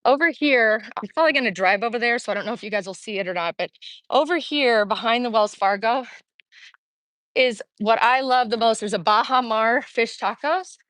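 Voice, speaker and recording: A woman's voice: a little high, moderate pace, fairly bright tone, no room sound, rough recording. A middle-aged woman livestreaming from her phone as she walks a town street outdoors, chatty and upbeat and out of breath. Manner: chatty, upbeat, talks while walking. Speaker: vlogger streaming live. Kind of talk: casual walking livestream chat. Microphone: phone held while walking.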